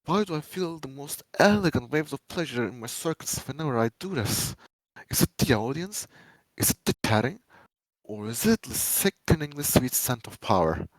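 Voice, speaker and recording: A man giving a dramatic reading of fan fiction, a first-person monologue, swinging between menacing loud lines and hushed pleading ones. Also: medium pitch, lively intonation, normal speed, no room sound, poor audio.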